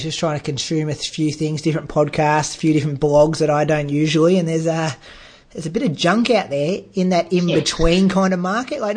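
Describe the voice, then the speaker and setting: Man co-hosting a podcast, slightly high voice. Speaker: podcast co-host. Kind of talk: casual podcast chat.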